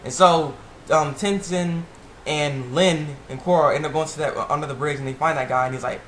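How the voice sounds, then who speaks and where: A man casually recapping a TV episode, rambling and excitable, with lots of fillers and restarts. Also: on the high side, brisk. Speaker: TV episode reviewer. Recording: echoey room with faint background noise.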